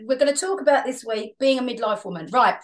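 A woman in her fifties co-hosting a podcast in casual chat, teasing and playful, often jumping in quickly. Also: a little high. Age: 50s. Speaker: podcast co-host.

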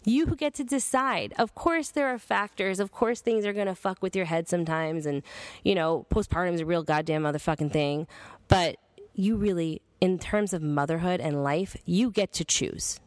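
A woman's voice: lowish voice, normal speed, no echo. A woman in her thirties hosting a podcast monologue, blunt, earnest and freely profane. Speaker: podcast host. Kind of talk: casual monologue.

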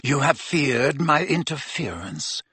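A man voicing a cold, stern male schoolmaster who speaks low, quietly and in clipped phrases, in an audiobook. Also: expressive, slow, husky, no room sound, heavily acted. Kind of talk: audiobook character voice.

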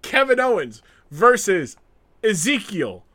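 High bright guy on a podcast, super animated, keeps doing little voices for everyone. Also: takes it slowly, husky. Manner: animated storyteller acting out quotes. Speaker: podcast co-host. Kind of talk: casual wrestling chat.

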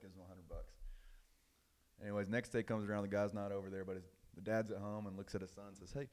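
Low-voiced crude joke-telling podcast guy. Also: quick pace, darkish tone. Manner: crude, rambling storyteller. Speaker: podcast co-host.

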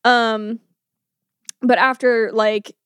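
A woman's voice: a little high, flat delivery, extremely slow, a bit bright, smooth, no room sound. Chatty giggly woman, dry close mic. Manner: chatty, giggly, repeats words for effect. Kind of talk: casual chat.

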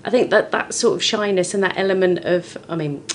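Brisk and mid-range in pitch, the voice belongs to a British comedian in her forties who talks frankly about her life as a podcast guest. She tells stories expressively with lively swings, and a little hiss or hum can be heard.

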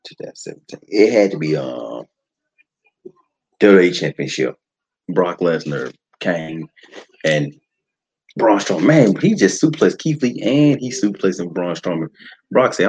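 A man hosting a podcast, giving casual, slangy commentary on wrestling as he watches. His talk jumps to high excited shouts. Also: unhurried, pauses often, breathy edge, poor audio. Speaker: podcast host.

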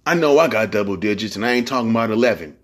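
A podcast host from the San Francisco Bay Area delivers a loose, profane monologue. His voice is on the low side, expressive, very fast and a bit bright, and he rambles with streetwise slang.

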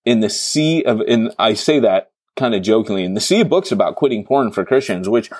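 A man's voice: lowish voice, lively intonation, brisk, darkish tone, dry recording. A man hosting a podcast interview, talking in a rambling, jokey way and often interrupting himself. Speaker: podcast host. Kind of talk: casual interview chat.

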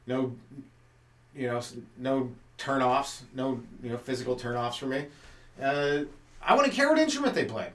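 A man's voice: mid-range voice, lively intonation, moderate pace, a bit bright, echoey room, recorded from a distance. A man doing a loose, profane comedy podcast monologue, full of rhetorical questions. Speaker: stand-up comedian podcast host.

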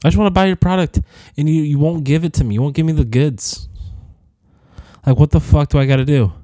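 A young man in his twenties talks alone in a rambling audio diary, cursing freely and jumping between gripes. He is sick, and his mellow, dark voice carries a rough edge from it. The sound is dry and close, with no room around it. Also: on the high side, brisk, dry recording. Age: 20s. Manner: profane, rambling rants that drift between topics. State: sick with a cough.

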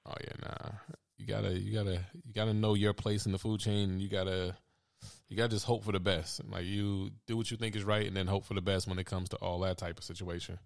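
A man's voice: fairly low pitch, level tone, fast talker, gravelly. A young adult man co-hosting a casual chat, telling stories with a laid-back, laughing, profane manner. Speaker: podcast co-host.

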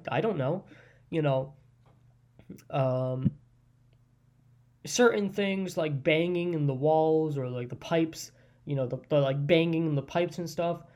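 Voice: medium pitch, darkish tone. Rambling, hesitant solo podcast host. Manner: rambling, hesitant, frequent restarts and fillers; thinks aloud, hedging and musing. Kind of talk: casual solo podcast monologue.

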